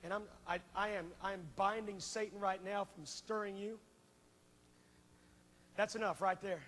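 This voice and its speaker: A man preaching a revival sermon, swinging between impassioned shouting and hushed pleading. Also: high-pitched, fairly even intonation, normal speed, big-room sound, slight background noise. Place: large church auditorium.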